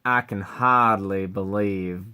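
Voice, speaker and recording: A man doing a slow-drawling jerk of a scientist. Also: sits low, steady tone, pushed and bright, clean tone, pitched below the performer's own voice, heavily acted. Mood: contemptuous. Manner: slow, lazy drawl with heavy contempt. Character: arrogant, vulgar male scientist, a backstabbing jerk. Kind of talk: amateur voice acting audition.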